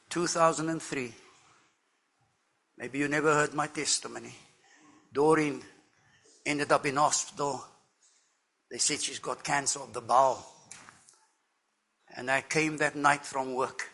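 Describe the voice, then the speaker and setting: Casting note: older man, slow and deliberate, bright forceful tone, church testimony. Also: fairly high pitch. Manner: earnest and emphatic, with slow deliberate phrasing. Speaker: church member giving testimony. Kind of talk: sermon testimony.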